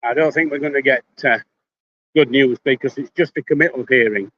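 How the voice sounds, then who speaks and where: A man's voice: medium pitch, a little fast, highs cut off, a little hiss or hum. An older man with a Yorkshire accent chatting casually on a phone livestream, blunt and prone to swearing, greeting viewers by name. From Yorkshire, England. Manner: blunt, swears casually, speaks before thinking. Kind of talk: casual live-stream chat. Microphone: phone held in hand.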